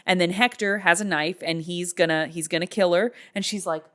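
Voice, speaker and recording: A woman in her thirties with a lowish voice talks through a movie's plot. She is chatty and amused and rambles a little. Her tone is casual and conversational. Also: steady tone, fairly quick, fairly bright tone. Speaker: movie recap vlogger.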